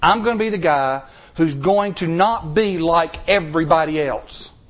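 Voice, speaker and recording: A middle-aged man preaching a sermon, telling personal stories with animated, emphatic delivery. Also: a little high, unhurried. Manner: animated, rising to emphatic peaks. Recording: recorded sermon tape.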